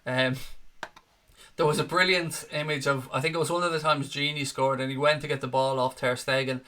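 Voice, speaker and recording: A man's voice: medium pitch, fairly even intonation, fairly quick, bright, forceful tone. Sweary, sarcastic man on a fan chat show. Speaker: host reading live chat comments.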